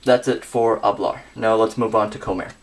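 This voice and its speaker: A young man giving a scripted grammar lesson, working through verb endings slowly and methodically. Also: lowish voice, steady tone. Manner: methodical, reads conjugations slowly with pauses.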